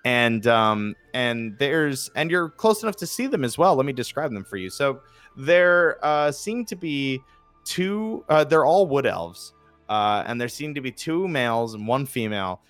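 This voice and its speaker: A man's voice: medium pitch, big pitch swings, a little slow, a bit bright, no echo, faint music behind. A man with a New Jersey accent running a tabletop game as game master, chatty and laughing, with lots of fillers.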